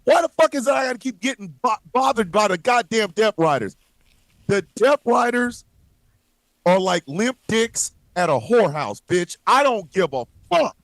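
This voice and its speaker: A man rants furiously on a livestream, swearing and repeating himself as he vents. His voice sits high and swings widely in pitch. The sound is dry and close. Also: very animated, moderate pace, fairly bright tone, no room sound. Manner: angry, profane, repetitive ranting. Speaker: co-host. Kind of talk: heated livestream rant.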